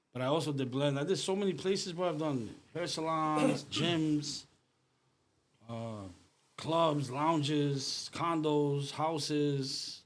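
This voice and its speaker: Slang-heavy man telling stories. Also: fairly high pitch. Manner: animated storyteller, street slang, says "bro" often. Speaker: artist, guest. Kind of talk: casual conversation.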